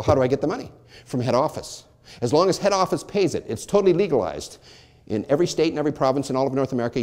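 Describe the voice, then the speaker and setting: A middle-aged man with a fairly high, darkish voice presents at a lunch seminar for a real estate brokerage. He poses questions aloud and then answers them himself, as though arguing both sides.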